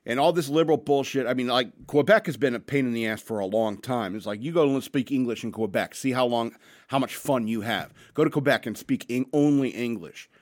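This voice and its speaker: A podcast host with a medium-pitched man's voice talks fairly quickly, a bit tipsy after a few beers. He rants bluntly and crudely while reading out news stories, rambling and restarting his sentences.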